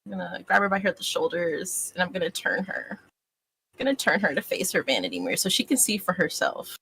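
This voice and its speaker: A woman's voice: on the low side, big pitch swings, a little fast, creaky, sharp tone, slight background noise, poor audio. A woman playing in a tabletop game, chatting in a casual, profane, unfiltered way. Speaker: player.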